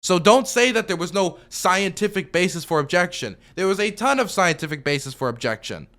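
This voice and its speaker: Bright-voiced man arguing back at a video. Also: high voice, lively intonation, a little fast. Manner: argumentative, rebutting with repeated objections; loose, full of fillers and restarts. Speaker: streamer reacting to a video. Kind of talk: commentary.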